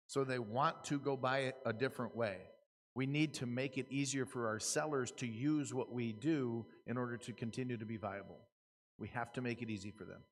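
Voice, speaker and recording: An American man speaks to a room of auctioneers in an easy, conversational way. His voice sits at an ordinary pitch, and he often stops and restarts a thought before pushing on. The sound carries a long reverb, like a large hall. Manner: casual, repeats and restarts, earnest. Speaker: auctioneer giving a seminar talk. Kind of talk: conversational lecture to a live audience. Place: conference room.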